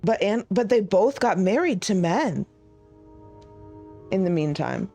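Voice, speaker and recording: Mellow-voiced woman streamer thinking aloud. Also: medium pitch, animated, slow pace, pauses often, soft background music. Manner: chatty, thinking aloud while puzzling. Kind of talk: casual live game commentary.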